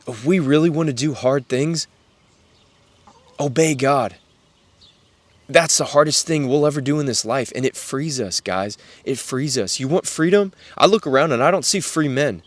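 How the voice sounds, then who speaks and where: A young man speaks earnestly to other men in a casual devotional talk, circling back on his points and dropping almost to a hush when he addresses them directly. His voice sits at an ordinary middle pitch. The recording is close and dry, with no room around it. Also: animated, moderate pace, dry recording. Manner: earnest, repetitive, drops to near-whisper on "guys". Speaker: Christian podcast host.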